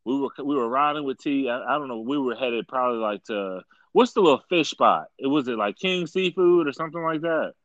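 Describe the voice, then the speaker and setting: A man's voice: medium pitch, brisk, hardly any pauses, no echo, highs cut off. A man in casual chat, telling stories with lots of laughter and repeated slang. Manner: animated storyteller, says "dog" often, laughs while telling.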